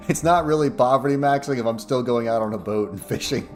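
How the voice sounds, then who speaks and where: A man's voice: mid-range voice, moderate pace. A young man chatting casually and profanely on a livestream, rambling and laughing often. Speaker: streamer. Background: music playing.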